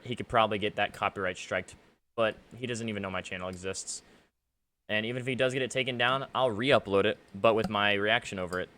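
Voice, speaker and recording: A man's voice: fairly low pitch, pushed and bright. A man talking to his viewers about an argument, aggrieved and ranting, with lots of fillers. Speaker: gaming YouTuber. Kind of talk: commentary to camera. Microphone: face cam setup.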